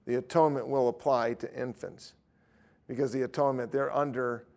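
A man teaching a Bible study who reads scripture aloud and talks haltingly, with many restarts. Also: medium pitch, flat delivery, gravelly, a little mellow.

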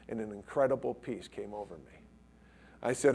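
A middle-aged man preaching to a live audience, telling a personal story and acting out the conversation with lively, quick quoted lines. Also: medium pitch. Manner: animated, acts out quoted dialogue. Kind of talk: storytelling sermon.

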